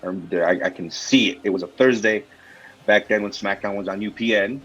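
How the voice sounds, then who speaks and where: A man guest telling stories in a casual interview, excitable and animated, acting out moments from his past. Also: on the low side, quick pace, breathy edge, highs cut off, soft background music. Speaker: actor guest.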